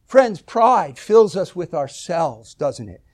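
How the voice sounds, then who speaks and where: A man preaching a sermon, reading scripture aloud at length and swelling loud on key words. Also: high-pitched, sing-song, slow pace.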